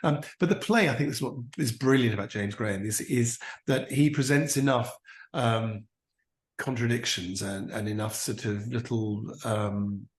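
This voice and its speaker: A man, an impressionist, chatting in an animated way in an interview and slipping into brief voices. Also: medium pitch, normal speed, echoey room. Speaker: impressionist and actor, interview guest. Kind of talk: casual interview chat.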